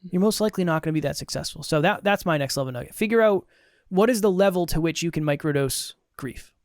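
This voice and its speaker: A man's voice: a little high, lively intonation, fast talker, no echo, studio quality. A man co-hosting a podcast, talking casually in an upbeat, playful way. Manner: upbeat, playful wrap-up talk. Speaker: podcast co-host. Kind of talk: casual chat.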